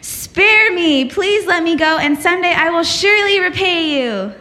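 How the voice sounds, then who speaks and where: A timid little storybook mouse, pleading in a high, bright voice, as a woman reads her aloud. The voice is raised and sharp with fright. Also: expressive, moderate pace, exaggerated voice.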